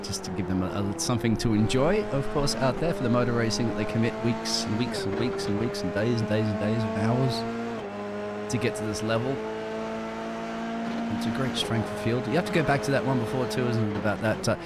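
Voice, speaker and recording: A man's voice: mid-range voice, fairly quick, over loud music. A man commentating on a sim race in a chatty, rambling way, repeating himself.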